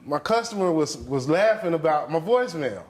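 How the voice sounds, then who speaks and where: A man's voice: fairly high pitch, big pitch swings, normal speed, crowd noise. Defensive man testifying in court. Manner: defensive, explaining himself. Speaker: litigant on a court show. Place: television courtroom set.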